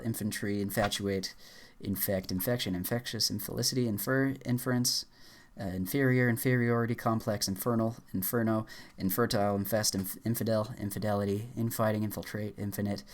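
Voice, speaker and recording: A young man reading dictionary entries aloud at speed, rattling words off in flat bursts and stumbling over some. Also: medium pitch. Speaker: YouTuber.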